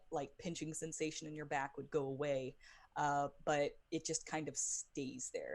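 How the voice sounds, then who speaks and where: Woman game master, low voice, halting, filler-heavy narration. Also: a little mellow. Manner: hesitant, many ums. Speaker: dungeon master.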